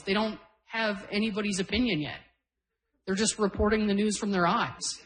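A woman's voice: medium pitch, fairly bright tone, low-quality recording. A woman in her forties from Canada performing a stand-up comedy set, telling brash, self-deprecating stories. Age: 40s. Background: audience laughter.

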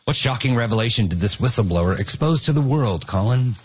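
Man hosting a comedy quiz, lively pitch. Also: a little fast, slightly rough. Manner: reads headlines, laughs between jokes. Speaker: quiz show host.

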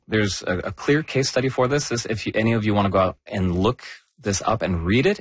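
A man explaining health news in a conversational discussion, measured and emphatic on key words. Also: on the low side, slightly rough, dry recording.

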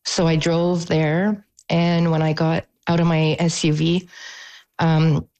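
A woman, a mother, telling a news interviewer what happened, haltingly and with pauses. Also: deep voice, level tone, darkish tone, low-quality recording. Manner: halting, emotional recounting with pauses. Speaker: mother of an assault victim.

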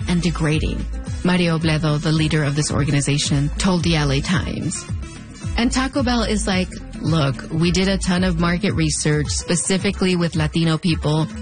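A woman in her thirties with a fronterizo accent, narrating a scripted piece in a wry, conversational storytelling way. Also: lowish voice. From US-Mexico border region. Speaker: host.

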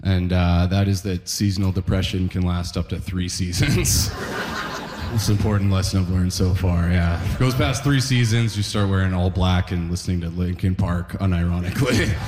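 Deep-voiced laid-back stand-up comic. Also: male voice, steady tone, moderate pace, darkish tone. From northern Canada. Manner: laid-back, dry one-liners. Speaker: stand-up comedian. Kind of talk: stand-up set. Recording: reverberant live hall.

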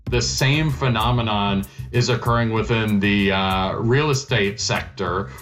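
A man's voice: fairly low pitch, a little slow, fairly bright tone, soft background music. A male hospitality professor giving analytical expert commentary in an interview, articulate and dryly wry.

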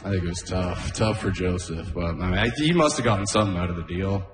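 A man's voice: low voice, fast. A man doing a stand-up comedy set on a club stage, talking loosely and chuckling at his own jokes. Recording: roomy club sound.

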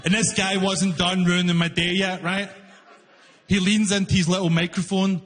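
A man's voice: sits high, flat delivery, moderate pace, fairly bright tone. A man performing a stand-up comedy set, telling a story animatedly and acting out both sides in raised voices, recorded live in a venue with audience laughter. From outside Canada, newly arrived. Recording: live hall reverb, faint room noise.

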